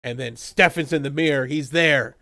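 A young man recapping a TV episode in casual chat, animated and laughing often as he acts out characters in quick voices. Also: mid-range voice, vocal fry, no room sound, clean studio sound. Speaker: podcast co-host recapping a TV episode.

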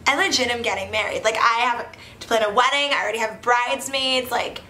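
A woman's voice: fairly high pitch, fairly even intonation, fast talker, bright, forceful tone. Giddy young woman rambling in an echoey room. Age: 20s. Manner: giddy, rambling, lots of "like" and laughter. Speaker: wine review vlogger. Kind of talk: casual vlog chat. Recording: echoey room with faint background noise.

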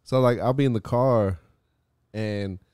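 A man hosting a podcast, telling animated stories in casual chat, swearing and laughing often. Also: fairly low pitch, unhurried, clean tone, no room sound, studio quality. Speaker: podcast host.

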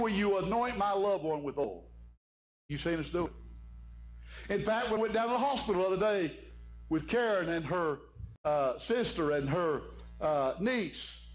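A man preaching an evening sermon as pastor, fervent and fond of saying "my friend". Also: sits high. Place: church sanctuary. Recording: echoey church room with faint hum.

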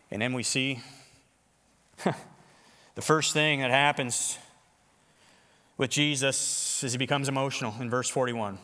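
A man preaching a sermon as pastor in a church worship center, animated and conversational, joking with the congregation. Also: mid-range voice, slow, long pauses, big-room sound.

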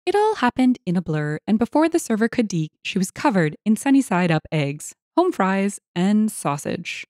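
A woman reading out a story as scripted narration, expressive in tone. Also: medium pitch, normal speed, hardly any pauses, no echo, clean studio sound.

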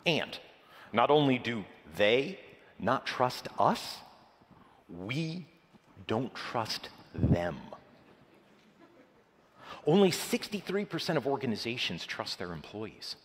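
A man giving a scripted conference keynote with dramatic, measured emphasis. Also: medium pitch, very animated. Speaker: conference presenter. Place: large conference hall. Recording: reverberant conference hall.

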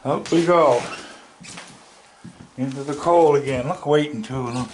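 A man's voice: medium pitch, slight background noise. A man outdoors on his deck, chatting to the raccoons he feeds, filmed on a handheld camera. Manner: slow, gravelly, chatting fondly to raccoons. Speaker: raccoon feeder filming his yard. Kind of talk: casual talk to animals.

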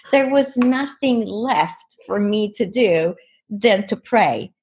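Speaking extremely slowly in a darkish, mid-range voice, a woman being interviewed tells an earnest personal story peppered with "you know."

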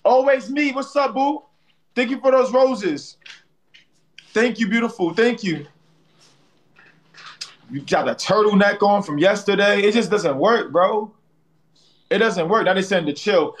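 High-voiced man trash-talking on a live stream. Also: unhurried, pauses often. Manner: playful trash-talking, teasing viewers and a rival streamer; slangy, repeats phrases, tags lines with "bro". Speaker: livestream host. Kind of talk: casual live-stream banter.

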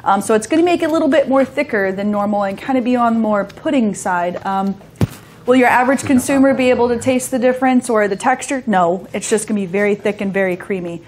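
A woman's voice: a little high, fast, darkish tone, a little hiss or hum. A woman presenting at an ice cream seminar, explaining a recipe in a chatty way with many filler words. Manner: chatty, lots of ums. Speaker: sales presenter. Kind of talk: casual product demo. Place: seminar kitchen.

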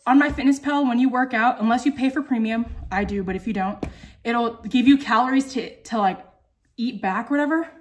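A young woman chatting casually in a home vlog, full of "um" and "like" and out of breath after a workout. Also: on the high side. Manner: chatty, many fillers like "um" and "like". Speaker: vlogger.

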